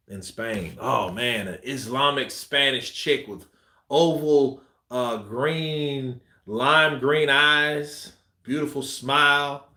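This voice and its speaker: A man's voice: mid-range voice, a bit bright. Give me a laid-back man hosting a live stream, riffing on chat comments in an echoey room. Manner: loose, joking, laughs often, drifts off topic. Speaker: boxing channel host. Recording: roomy echo.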